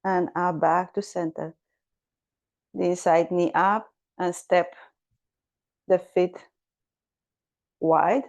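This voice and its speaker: Woman teaching gentle yoga, slow and low-ish, calm breath cues. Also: highs cut off. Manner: calm, unhurried cueing with breath counts. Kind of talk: guiding a gentle yoga class.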